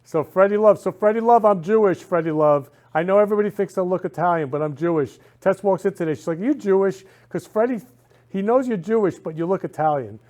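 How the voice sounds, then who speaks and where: Man, talk show host, gushing, rambling, slightly high voice. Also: fairly quick, darkish tone. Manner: effusive, repeats "love" and "I love you" constantly; rambling with frequent restarts. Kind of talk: casual heartfelt talk show chat.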